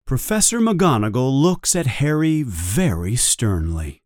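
Male storybook narrator; slow, careful, clear, dry close recording. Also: medium pitch, dry recording. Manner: slow, even, clear read for learners. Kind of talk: simplified storybook reading.

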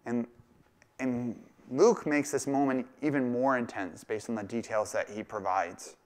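Man, pastor, sermon, conversational, middle pitch, acts out quotes. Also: fairly even intonation, a little slow.

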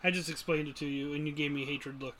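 A man's voice: on the high side, fairly even intonation, quick pace, fairly bright tone, a little hiss or hum. A man on a casual podcast who throws in short joking remarks. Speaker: podcast co-host. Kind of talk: casual chat.

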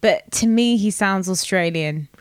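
A woman's voice: mid-range voice, a little slow, smooth, dry recording, clean studio sound. A woman in casual conversation who laughs often as she talks. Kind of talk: casual chat.

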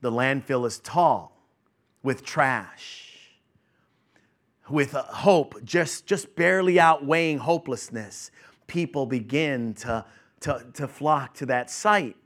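A male preacher delivering a dramatic sermon, dropping to hushed whispers and rising to shouted climaxes. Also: medium pitch, slow pace.

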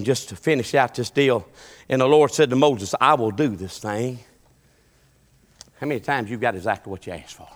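A man preaching a sermon in a folksy storytelling way, swinging between loud preaching and quiet asides. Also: a little high. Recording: long hall reverb.

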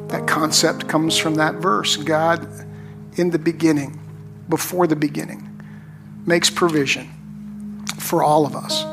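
Male pastor preaching slow, kinda high voice, faint music behind. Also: creaky. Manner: slow, emphatic preaching with long pauses. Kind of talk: sermon.

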